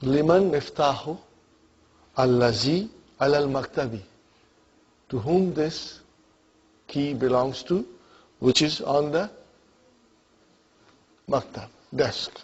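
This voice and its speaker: A man's voice: on the high side, lively intonation, takes it slowly, pauses often, husky, dull audio. A man teaching an Arabic grammar class, often asking whether students follow and calling on them by name. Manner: checks understanding often, calls on students by name.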